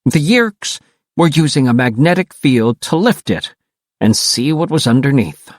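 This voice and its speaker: A man reading a first-person audiobook in a wry, animated storytelling manner. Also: medium pitch, unhurried, no room sound, studio quality. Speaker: audiobook narrator.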